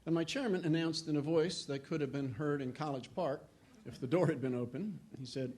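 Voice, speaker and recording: Throat-clearing older man telling anecdotes. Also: on the high side, brisk, a little mellow. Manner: humorous anecdotal, acts out quoted voices. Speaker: historian giving a talk. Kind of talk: storytelling lecture.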